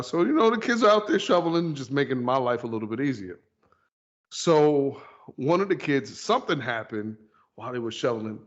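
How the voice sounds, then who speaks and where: A man hosting a podcast, telling animated stories in casual chat and acting out other people's lines. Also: mid-range voice. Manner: animated storyteller, acts out kids' voices. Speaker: podcast host. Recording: dull lo-fi podcast audio.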